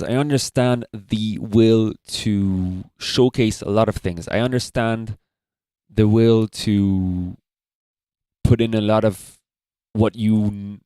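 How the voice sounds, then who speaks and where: Low-voiced man judging on a livestream. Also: a little mellow, clean tone, no room sound. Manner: thoughtful, explanatory advice. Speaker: beatbox battle judge.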